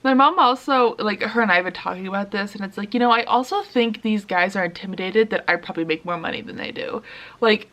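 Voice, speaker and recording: A woman's voice: mid-range voice, fast talker, fairly bright tone. A young woman talking candidly to the camera in a confessional vlog, laughing between sentences. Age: young adult. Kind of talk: casual confessional vlog chat.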